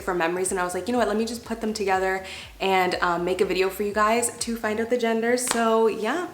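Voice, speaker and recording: A woman's voice: lowish voice, fairly bright tone, reverberant. A young woman vlogging from her floor at home, talking in a gushing, emotional way with many "like" fillers. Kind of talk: casual vlog chat.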